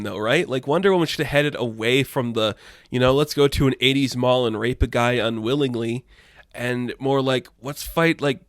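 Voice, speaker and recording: A man giving casual, rambling commentary, chatty and quick to laugh. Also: mid-range voice, no room sound, studio quality. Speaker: pop culture commentator.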